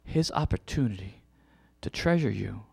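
A man's voice: lowish voice, lively intonation, normal speed, gravelly, a little mellow, husky. A middle-aged man preaching a passionate sermon, full of restarts and repetitions. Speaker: pastor.

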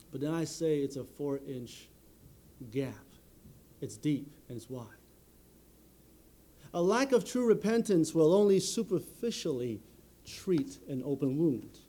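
A man preaching a sermon in an earnest, measured way, often filling pauses with "you know". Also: on the high side, expressive, mellow.

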